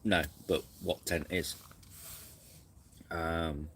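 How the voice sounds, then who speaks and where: A man's voice: deep voice, fairly even intonation, normal speed. A man hosting a casual camping live stream, rambling and reflective, snacking between sentences.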